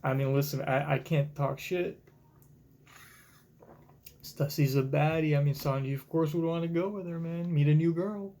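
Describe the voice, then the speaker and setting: A man giving live reaction commentary on a manga chapter from a home streaming setup, talking in an excitable, casual way and swearing freely. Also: fairly high pitch, moderate pace, long pauses.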